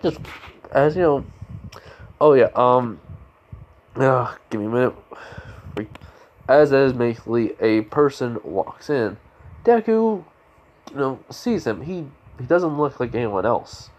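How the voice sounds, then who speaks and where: A man improvising a fan story as narrator, rambling and halting with many restarts. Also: medium pitch.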